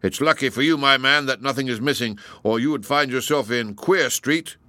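A man's voice: mid-range voice, normal speed, pushed and bright, dry recording, clean studio sound, pitched above the performer's own voice, lightly acted. A man voicing a brusque, self-important police inspector. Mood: pompous. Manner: brusque, pompous.

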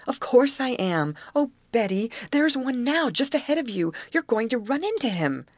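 A woman voicing a nervous, excitable teenage girl who cries out in shrill, breathless exclamations. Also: normal speed, dry recording. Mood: insistent.

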